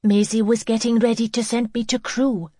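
Woman reading as anxious young girl, high, pleading, upset, storybook, dry recording. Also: level tone, normal speed, dark tone, no echo, lightly acted. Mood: distressed. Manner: pleading, distressed.

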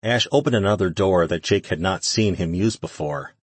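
Deep husky guy reading a novel aloud, dry close mic. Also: moderate pace, no echo. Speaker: audiobook narrator. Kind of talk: scripted narration.

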